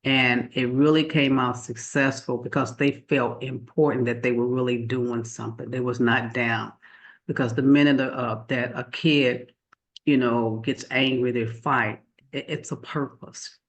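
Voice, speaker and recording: A man's voice: mid-range voice, steady tone, a little slow, fairly bright tone, muffled recording. A man on a talk panel who chats casually, tells a plain story and sprinkles in church-style affirmations.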